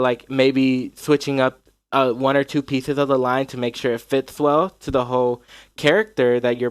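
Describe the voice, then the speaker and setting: Man, from North Carolina, casual chat, rambling, smooth voice, dry sound. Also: medium pitch, no echo. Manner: rambling, many likes and restarts.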